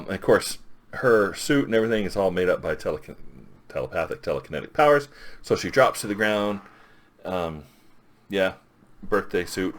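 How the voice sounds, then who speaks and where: Deep-voiced man rambling through a recap. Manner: rambling, filler-heavy recap with quoted lines. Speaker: comic book reviewer. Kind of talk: casual retelling of a comic.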